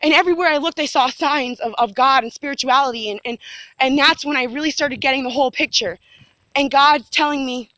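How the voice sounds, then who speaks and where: A woman's voice: sits high, fairly quick, sharp tone, no room sound, rough recording. A woman giving a rambling, earnest first-person account to camera, repeating herself and restarting often. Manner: rambling, repetitive, with many fillers and restarts; earnest and insistent.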